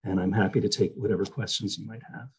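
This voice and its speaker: A man's voice: fairly low pitch, fairly even intonation, fast, slightly rough, poor audio. Impassioned man testifying over a video call. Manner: impassioned, emphatic. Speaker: hearing witness. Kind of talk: testimony at a council hearing.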